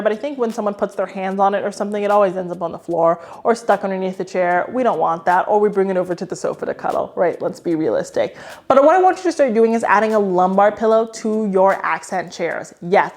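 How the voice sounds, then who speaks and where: Fast-talking animated woman vlogger. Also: mid-range voice. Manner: animated, playful, slangy, talks straight to camera. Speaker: home decor host. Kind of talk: chatty design tips vlog.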